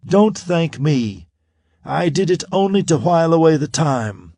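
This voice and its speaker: A man voicing a sarcastic, excitable android man who sneers at his crewmates in an audiobook. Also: a little high, unhurried, no echo, voice pushed up. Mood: sneering. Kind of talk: audiobook character voice.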